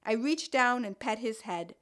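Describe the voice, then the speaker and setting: A woman's voice: a little high, lively intonation, a little slow, fairly bright tone. A woman voicing an older, fussy and fretful mother with a Brooklyn accent, telling her story in the first person with wry, complaining asides. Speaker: narrator.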